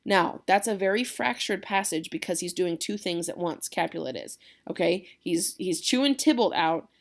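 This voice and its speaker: A woman's voice: on the low side, animated, normal speed. A woman teacher giving a casual classroom lecture, explaining a play and checking in with her students.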